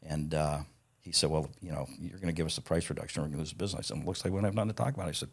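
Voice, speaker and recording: Man, very deep voice, husky, middle-aged, blunt storyteller, swears a lot. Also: rapid-fire. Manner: blunt, profane, laughs while telling stories. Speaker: guest, parts company founder. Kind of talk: casual storytelling interview.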